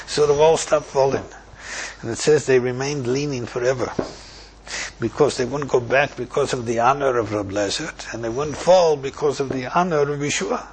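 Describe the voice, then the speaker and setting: A man teaching a Talmud passage as a lively story, quoting Hebrew and Aramaic lines and translating them. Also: mid-range voice, slight background noise.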